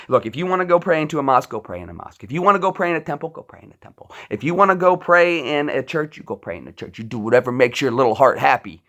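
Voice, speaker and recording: Man, veteran, livestream rant, forceful edgy voice, pitched a bit high, swearing, rambling. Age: adult military veteran. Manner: impassioned, profane, rambling with restarts. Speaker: livestream host. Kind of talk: ranting livestream monologue.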